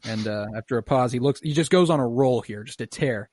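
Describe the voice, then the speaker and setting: A young man hosting a casual podcast, retelling scenes in a relaxed, profane way with quick quoted lines. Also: medium pitch. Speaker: podcast host. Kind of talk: casual podcast chat recapping a show.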